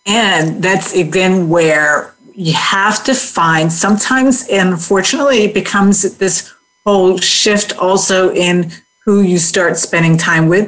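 Interview host, woman, lowish pitch, affirming and thoughtful. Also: a bit bright, rough recording. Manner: affirming, reflective. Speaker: podcast host. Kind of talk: conversational interview.

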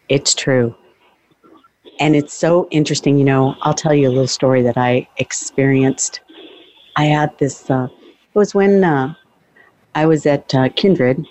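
This host talks in a casual, chatty way and slips easily into personal stories, with plenty of fillers. The voice sits at a middle pitch and is recorded with a very dry, close sound. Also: darkish tone, no echo, poor audio. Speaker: podcast host, former ICU and bereavement worker. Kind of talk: casual interview conversation.

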